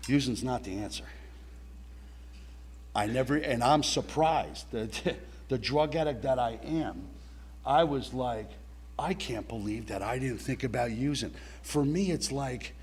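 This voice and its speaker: Husky man telling a blunt personal story. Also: medium pitch. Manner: blunt, swearing, addresses listeners directly. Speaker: recovery meeting speaker. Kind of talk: personal story shared at a recovery meeting.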